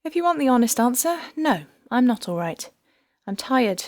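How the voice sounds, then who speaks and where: A woman's voice: on the high side, very animated, normal speed, a little mellow, voice pushed up. An audiobook narrator, a woman, voicing a grieving young woman who pleads and strains with emotion. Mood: weary, hurt.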